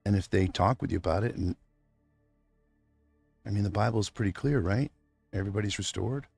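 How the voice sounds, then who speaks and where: Gravelly, husky middle-aged man streaming. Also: on the low side, brisk, a little mellow, no room sound, faint music behind. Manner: rambling, heartfelt, addresses his absent wife directly. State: near tears. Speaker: livestream host. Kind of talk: unscripted emotional monologue.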